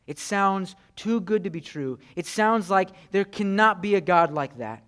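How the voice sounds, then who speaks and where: A man's voice: sits high, animated, measured pace, a bit bright. A young man preaching a conversational sermon, chatty, with frequent "right?" and "you know". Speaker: pastor.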